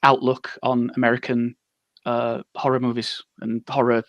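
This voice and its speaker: A man's voice: mid-range voice, completely flat delivery, normal speed, fairly bright tone, no room sound, dull audio. A man co-hosting a casual gaming talk show, agreeable and chuckling, with many hesitant fillers. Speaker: podcast co-host.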